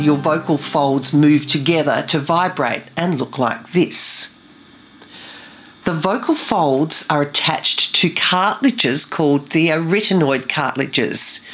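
A woman with a low, deep speaking voice teaches as a vocal coach. She explains things in a clear, methodical way, like a scripted lesson.

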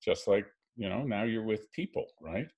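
Older man, low husky storyteller. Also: lively intonation, moderate pace, dull audio. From Canada. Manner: reflective, gentle storytelling. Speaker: filmmaker and photographer guest. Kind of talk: storytelling in a video call interview. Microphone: video call.

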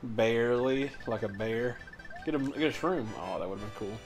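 A man's voice: medium pitch, expressive, normal speed, faint music behind. A young man co-hosting a let's play, chatting casually, rambling and swearing, laughing as he tells stories. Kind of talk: casual gaming chat.

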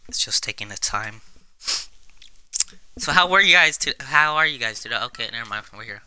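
A young man giving casual, excitable gameplay commentary on his own video, swearing often and jumping between loud outbursts and quiet mumbles. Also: medium pitch, normal speed, clean tone, dry recording. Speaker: gaming video creator. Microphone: camera on face while playing.

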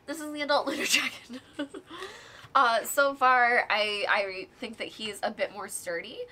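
A woman hosts a casual show-and-tell vlog, gushing with excitement and peppering her talk with fillers. Her voice is bright and forceful, sitting slightly higher than most women's. She sounds openly thrilled by what she is showing. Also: unhurried. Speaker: guest host showing board game miniatures.

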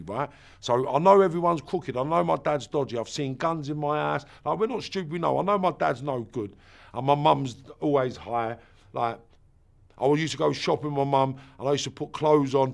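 A man's voice: medium pitch, vocal fry. A man around fifty, bluntly recounting his own past, swearing and acting out what people said. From England. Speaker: interviewee. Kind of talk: personal storytelling.

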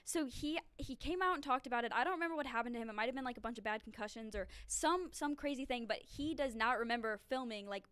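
A woman's voice: on the high side, clean tone, no echo. A woman chatting casually and animatedly, with lots of "like". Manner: animated, quick, says "like" a lot. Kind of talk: casual chat.

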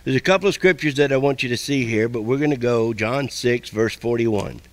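A man preaching a sermon as pastor, folksy and repetitive, with quick asides to the congregation. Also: mid-range voice, dry recording.

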